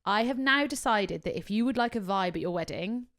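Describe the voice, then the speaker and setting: A woman co-hosting a podcast, telling animated stories and swearing freely in casual chat. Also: medium pitch, a little fast. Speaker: podcast co-host, wedding worker.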